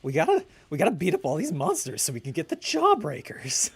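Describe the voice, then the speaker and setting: A man doing an impression of a pushy, scheming cartoon boy who rallies his friends loudly. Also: on the high side, wildly swooping pitch, brisk, slightly rough, voice pushed up, full character voice. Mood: bossy. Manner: loud, bossy.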